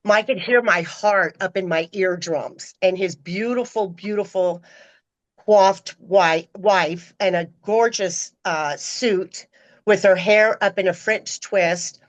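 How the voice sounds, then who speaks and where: A middle-aged woman, a podcast guest, telling stories in a casual, animated way and acting out the people she quotes. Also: slow pace, low-quality recording. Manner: animated, acts out quoted voices with pitch jumps. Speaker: podcast guest, former personal assistant. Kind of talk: casual storytelling.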